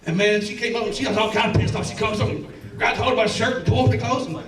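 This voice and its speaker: A man's voice: sits high, quick pace, crowd noise. A man with a Southern Alabama accent doing a stand-up set, telling rambling, profane stories with lots of stammers and restarts. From Alabama and Tennessee. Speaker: stand-up comedian. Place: comedy club stage. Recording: roomy club sound from a distance.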